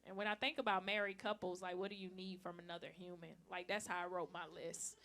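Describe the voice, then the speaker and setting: A woman in her thirties doing a stand-up comedy set, brash and teasing the crowd, with loud acted-out bits. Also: on the low side, steady tone, fast. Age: 30s. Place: comedy club stage. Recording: live club recording with crowd. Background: audience laughter.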